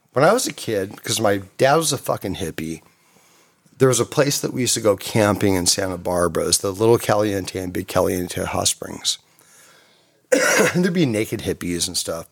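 A man in his fifties from California, telling a long casual anecdote, swearing heavily, rambling, and laughing often. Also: on the low side. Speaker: storyteller guest.

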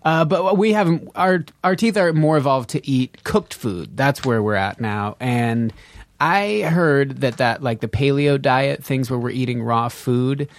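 Animated man in casual chat, dry close sound. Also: medium pitch, measured pace, dry recording. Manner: animated, quotes movie lines in mock voices.

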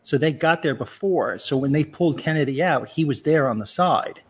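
A man's voice: a little high, expressive, moderate pace, slightly rough. A man co-hosting a podcast, earnestly telling an anecdote and repeating words for emphasis. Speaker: podcast co-host. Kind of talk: casual chat, telling an anecdote.

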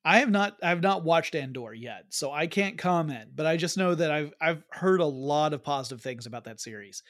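A man co-hosting a geeky podcast in casual, jokey chat with quick asides. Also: a little high, animated, fairly bright tone, no room sound, clean studio sound. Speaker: podcast co-host.

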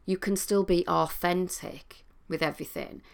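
A middle-aged woman, a coach and trained therapist, explaining listening skills in a calm, teaching manner. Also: on the low side, moderate pace, gravelly. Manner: calm, explanatory, with sing-song demonstrations. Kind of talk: talking to camera, teaching.

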